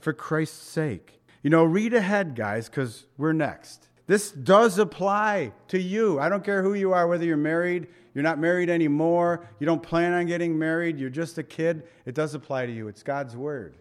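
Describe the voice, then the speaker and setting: Middle-aged guy preaching, folksy, cracks jokes and chuckles, kinda higher voice. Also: moderate pace. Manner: folksy, joking asides with chuckles. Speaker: pastor. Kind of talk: sermon.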